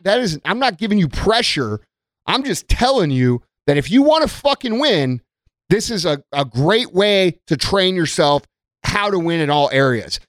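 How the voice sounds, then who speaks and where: A man's voice: high voice, no echo, clean studio sound. A middle-aged man hosting a podcast, giving a blunt, profane, emphatic motivational monologue. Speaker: podcast host.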